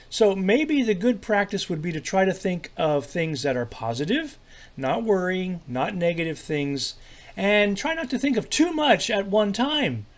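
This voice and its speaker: A man teaching a children's devotional lesson in a friendly, halting way, full of fillers and repeated words. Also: sits high.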